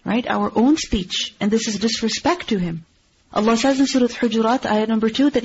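A woman teaching a religious lesson in earnest, asking and answering her own questions and reciting Arabic verses quickly. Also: medium pitch, a little mellow, lo-fi sound, a little hiss or hum. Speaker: Islamic teacher. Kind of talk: religious lecture.

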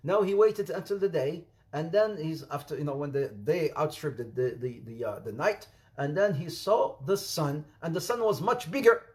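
A middle-aged man whose first language is Arabic preaches with an Arabic accent, his voice a little high and his speech at normal speed with hardly any pauses. He tells stories and jokes, addressing the audience as brothers and sisters.

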